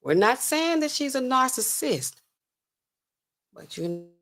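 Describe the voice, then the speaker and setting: A woman's voice: sits high, very animated, takes it slowly, a bit bright. A woman hosting a casual livestream as a pharmacist, chatting with her viewers in a sassy, incredulous way. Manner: chatty, sassy, talks to chat, laughs incredulously.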